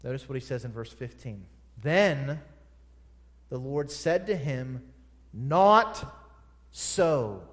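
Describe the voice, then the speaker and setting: A man's voice: mid-range voice, expressive, unhurried, long pauses. A man preaching a sermon, emphatic and repeating phrases for stress. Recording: long hall reverb.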